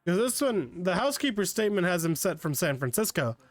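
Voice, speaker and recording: A man's voice: sits high, very animated, a little fast, no echo. A man casually commentating a game playthrough, joking and thinking aloud about the case. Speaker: game streamer. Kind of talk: casual let's-play commentary.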